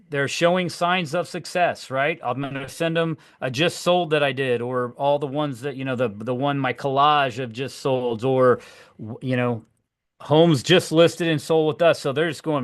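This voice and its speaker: A middle-aged man coaching fellow agents, acting out conversations with clients in a lively, animated way. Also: on the high side, moderate pace, smooth, no room sound, clean studio sound. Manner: lively, acts out dialogues with clients. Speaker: real estate agent and trainer. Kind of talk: coaching session talk.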